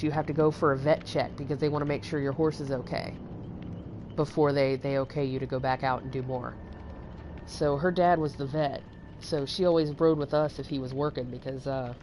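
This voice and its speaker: A woman's voice: sits low, slight background noise. Rambling, foul-mouthed young woman telling stories. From Texas. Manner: rambling, swears freely, many fillers. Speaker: livestream host. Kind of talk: casual storytelling chat.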